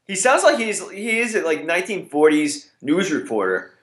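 A man's voice: high voice, big pitch swings, moderate pace, a bit bright. Playful man in an echoey room. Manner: teasing, playful. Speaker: podcast co-host. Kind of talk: casual chat.

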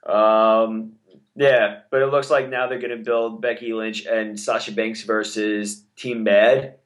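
A man's voice: on the low side, flat delivery, slow. A man co-hosting a podcast, giving his opinions on wrestling in casual, hesitant chat. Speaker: podcast co-host. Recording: roomy echo.

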